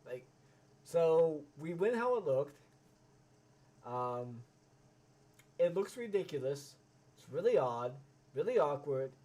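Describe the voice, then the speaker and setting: A man's voice: on the high side, sing-song, takes it slowly, long pauses, warm tone. A man giving live reaction commentary, ranting and swearing with many stammering restarts. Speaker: reaction streamer.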